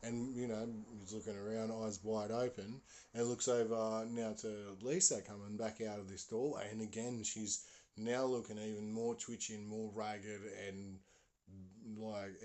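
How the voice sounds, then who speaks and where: A man telling a story in a loose, rambling way, full of fillers and slang. His voice sits fairly low. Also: fairly even intonation, a little slow, a little mellow. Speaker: podcast host. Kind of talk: casual storytelling.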